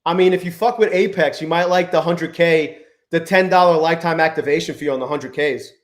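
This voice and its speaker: A man hosting a live trading stream, chatting with viewers, swearing often and swinging between low mutters and exasperated outbursts. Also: brisk, reverberant. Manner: profane, exasperated, talks to chat. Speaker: livestream trading host.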